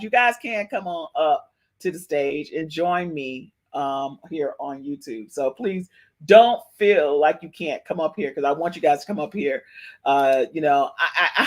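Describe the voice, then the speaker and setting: A woman hosting a livestream podcast, reacting excitedly, repeating herself and talking to her chat. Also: sits low, moderate pace. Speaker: podcast host. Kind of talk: livestream gossip commentary.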